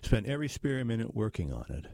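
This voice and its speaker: A man's voice: lowish voice, very animated, fast, vocal fry, dark tone, dry recording, clean studio sound, pitched above the performer's own voice. A man reading aloud, voicing an easygoing, wry middle-aged ex-musician in an audiobook. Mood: reminiscing. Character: genial middle-aged male ex-musician, put-on Irish lilt.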